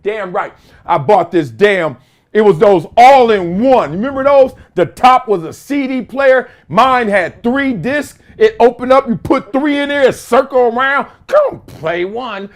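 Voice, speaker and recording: A man in his fifties hosting his own show from a room at home, telling stories in a casual, slangy way that bursts into shouts and laughter. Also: high-pitched. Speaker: show host. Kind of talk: casual storytelling monologue.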